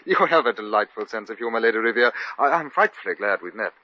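An actor playing a bored, suave lord with a dry, languid upper-class drawl, in 1940s radio comedy. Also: male voice, on the low side, animated, quick pace, pushed and bright. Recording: dull lo-fi old radio recording.

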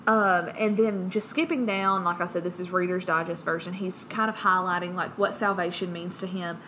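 A woman's voice: on the low side, fairly even intonation, normal speed, a bit bright, slight background noise, low-quality recording. A woman co-hosting a casual Bible-study podcast, bubbly and joking, laughing often. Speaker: podcast co-host.

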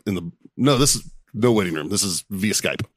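A man's voice: deep voice, fairly quick, breathy edge, dry recording, studio quality. A man hosting a podcast in casual chat, telling a story with lots of laughs and swearing. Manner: animated storytelling, laughs a lot, swears freely. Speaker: podcast host.

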